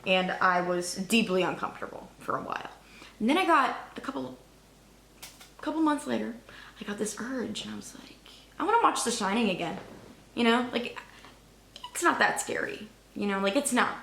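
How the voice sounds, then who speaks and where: A young woman vlogging in a casual, rambling, excitable way, cursing now and then. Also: medium pitch, normal speed, creaky, roomy sound. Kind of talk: casual chat.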